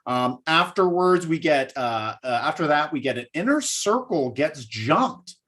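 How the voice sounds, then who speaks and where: A man's voice: on the high side, big pitch swings, a bit bright. A man hosting a casual wrestling talk show who rambles and reads out viewer comments. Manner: rambling, many fillers, drawn-out. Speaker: podcast host reading viewer comments. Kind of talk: casual chat.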